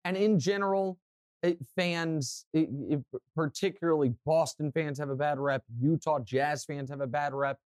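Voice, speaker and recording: A young man co-hosting a sports podcast, telling stories and giving strong opinions in an animated way. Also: a little high, moderate pace, smooth, no echo, studio quality. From Kansas City, US. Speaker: podcast co-host. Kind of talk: casual sports talk.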